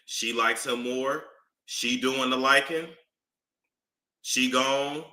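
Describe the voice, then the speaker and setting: A man with a New York accent giving casual gossip commentary, animated and drawn out, often repeating himself. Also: medium pitch, slow pace. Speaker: commentary streamer. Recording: echoey room.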